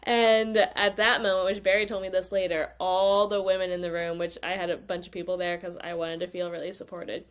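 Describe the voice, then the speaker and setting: A woman's voice: on the low side, flat delivery, fairly quick, few pauses. A woman, a podcast guest, telling a personal story in casual talk and acting out her own past lines. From United States.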